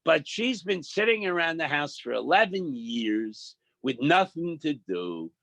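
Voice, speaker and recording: A middle-aged man teaching a daily Talmud page, reading Aramaic slowly, then explaining it in casual with quips and asides. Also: fairly high pitch, big pitch swings, gravelly, fairly bright tone, dry recording. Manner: plain-spoken, quips and asides. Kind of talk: daf yomi Talmud lesson.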